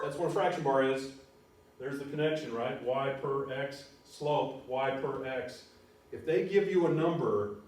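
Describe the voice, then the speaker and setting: A middle-aged man teaching a college algebra lecture, animated and telling stories, shouting out key words now and then. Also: a little high, moderate pace. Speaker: college math instructor. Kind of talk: recorded math lecture. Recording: very echoey room, voice from far off.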